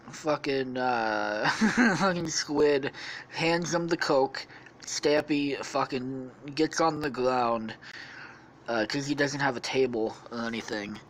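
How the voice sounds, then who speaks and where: A podcast host spinning a crude, rambling comic tale at a middling pitch, laced with swearing and filler words. They keep breaking into laughter at their own jokes, with a faint hiss of noise behind the voice. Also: a bit bright. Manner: heavy swearing, many fillers.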